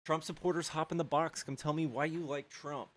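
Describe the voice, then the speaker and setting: A man's voice: fairly high pitch, steady tone, fairly quick. A man streaming casual chat, blunt and mocking with callers and doting on his dog. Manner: blunt, mocking, trash-talking; doting, silly baby talk to his dog.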